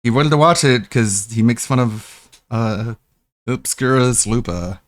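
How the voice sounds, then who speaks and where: A man's voice: medium pitch, measured pace, dry recording. Dry-voiced man mocking videos on stream. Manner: mocking, laughing, scornful asides. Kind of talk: live reaction commentary.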